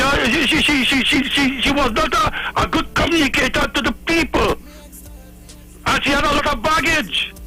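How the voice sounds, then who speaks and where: A man's voice: very high voice, bright, forceful tone, low-quality recording. A man with a Trinidadian accent calling in to a radio show, lecturing another caller and stammering. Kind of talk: call-in radio talk.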